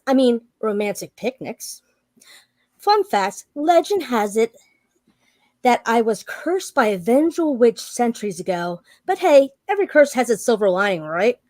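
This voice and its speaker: A folksy, sinister hillbilly doll, read out by a woman introduces himself in a sugary, mock-friendly tone. The voice rides a lively pitch line and sits slightly high. The sound is dry and close. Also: no echo. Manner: folksy, mock-sweet dating-profile delivery. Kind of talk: reading a character profile aloud.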